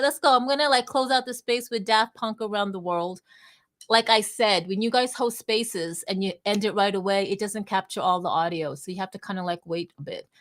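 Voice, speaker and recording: Casting: playful, talkative woman host of a live audio space, average pitch. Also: fairly bright tone. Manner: bubbly, chatty, playful. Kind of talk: casual online audio chat.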